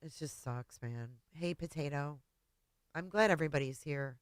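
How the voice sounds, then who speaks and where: A woman hosting a livestream and talking casually to her viewers, tearful, halting and often trailing off quietly. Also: low-pitched. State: tearful, voice breaking. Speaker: livestream host.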